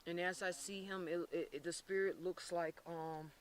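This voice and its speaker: A man from Florida working as a psychic medium on an outdoor paranormal investigation, talking intensely and haltingly with many restarts. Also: high voice, fairly even intonation, recorded from a distance. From Florida, USA. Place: outdoors by a reservoir.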